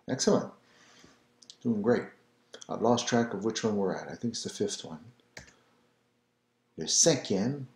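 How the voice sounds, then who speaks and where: A man teaching pronunciation, who repeats each word slowly and coaxes the listener to try it. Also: on the low side, mellow. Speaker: French teacher. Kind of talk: slow, patient pronunciation lesson. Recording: echoey room.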